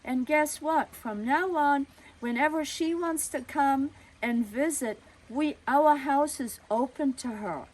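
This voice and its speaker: A man's voice: high voice, a little slow, rough recording. A woman retelling a story, voicing her father as he firmly defends a family friend. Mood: indignant. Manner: firm, rising to angry protest. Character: indignant middle-aged father defending a friend.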